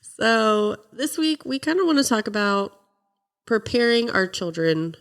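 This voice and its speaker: A young woman co-hosting a podcast in casual chat, sounding nasal and congested from a cold, chatty and quick to laugh. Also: fairly high pitch. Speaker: podcast co-host.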